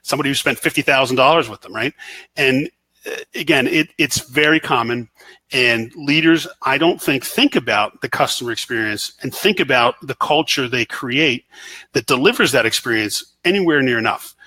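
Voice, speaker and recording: A man's voice: medium pitch, moderate pace, pushed and bright, no room sound, low-quality recording. A man speaking earnestly as an interview guest, stressing business ideas. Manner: earnest, emphatic about business points. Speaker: author, guest.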